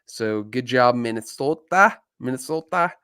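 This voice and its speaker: A man's voice: mid-range voice, expressive, a little slow, bright, forceful tone, clean tone, dry recording, clean studio sound. A man co-hosting a live fishing podcast, chatting casually, often joking and laughing, with many ums. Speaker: podcast co-host.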